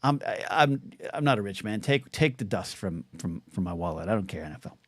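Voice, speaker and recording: A man's voice: lowish voice, animated, a little fast, no echo. A man hosting a solo livestream podcast, answering viewer questions in a rambling, jokey way that often stops and restarts. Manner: rambling, self-interrupting, jokey. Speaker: podcast host.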